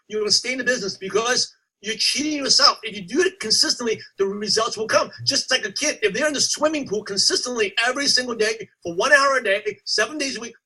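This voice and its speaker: A man giving a motivational coaching talk to a sales team, telling stories and acting out his past self with animated energy. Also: very high-pitched, breathy edge, poor audio. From United States. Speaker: network marketing coach.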